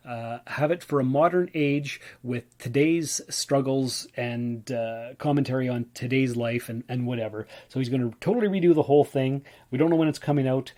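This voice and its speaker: Guy rambling on his solo podcast, lots of uhs, gets all excited. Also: mid-range voice. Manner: rambling and excitable, many uh fillers. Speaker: podcast host. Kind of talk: casual solo podcast chat.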